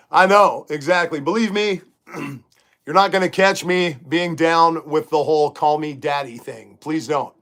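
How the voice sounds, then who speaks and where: A middle-aged man hosts a casual livestream from his bedroom, delivering an emphatic live-chat monologue and reading viewer comments out loud. His voice is fairly high and a bit bright, with a measured pace.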